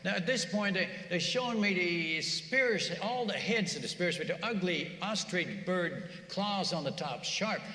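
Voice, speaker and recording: A man preaching in a church, telling a mission story in an animated, conversational way and often repeating words. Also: high-pitched, a little slow, hardly any pauses. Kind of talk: sermon storytelling. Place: church sanctuary. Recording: echoey church hall.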